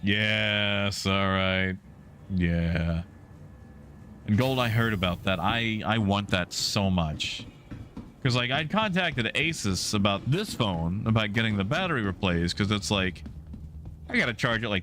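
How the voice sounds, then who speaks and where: Easygoing low-voiced male streamer. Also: lively intonation, a little slow, a bit bright, a little hiss or hum. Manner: rambling, filler-heavy, easygoing. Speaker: game streamer. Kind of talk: casual chat with live viewers.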